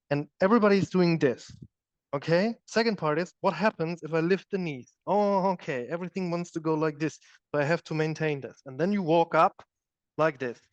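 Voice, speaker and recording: A man with a voice on the high side guides a live yoga class, performing the moves as he explains them and repeatedly asking "okay?". German is his first language, and the studio recording is dull and dry with no echo.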